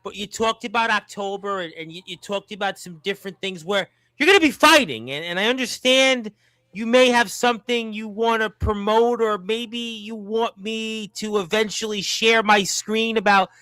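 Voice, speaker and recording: A man's voice: high voice, normal speed, sharp tone, no room sound, poor audio. A male host in casual interview chat, stammering with hesitant restarts. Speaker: show host.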